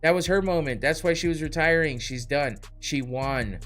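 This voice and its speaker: A man's voice: a little high, normal speed, few pauses, fairly bright tone, soft background music. A man hosting a podcast, ranting heatedly with blunt swearing and short laughs. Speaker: podcast host. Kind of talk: heated profane rant.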